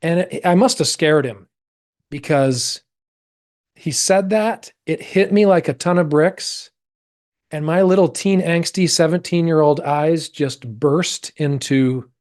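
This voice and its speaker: Brief: middle-aged American man, podcast guest, expressive storyteller who jumps into quoted voices. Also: slow pace. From United States. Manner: animated, acts out quoted voices with big pitch jumps. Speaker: actor. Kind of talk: personal storytelling in a podcast interview.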